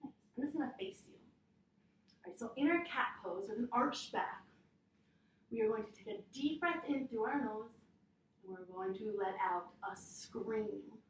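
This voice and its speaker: A woman teaching yoga to children, reading a story aloud in a gentle, encouraging way and roaring and meowing with them. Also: on the high side, moderate pace, distant mic, slight background noise. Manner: gentle, encouraging, playful animal sounds. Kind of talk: storytime with kids' yoga instruction. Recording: echoey room.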